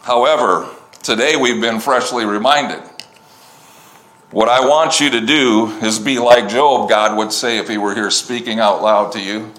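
A man's voice: fairly low pitch, unhurried, a bit bright. A man preaching a sermon, reading scripture at length and breaking off into conversational asides. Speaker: pastor.

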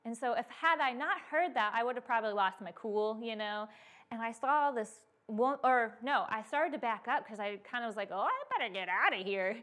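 A young woman from the United States shares faith testimony as a missionary speaker. Her voice sits a little high, and she tells her stories in an animated way, filling pauses with "um" and "you know.". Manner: animated storytelling with frequent fillers. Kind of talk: testimony to a church audience.

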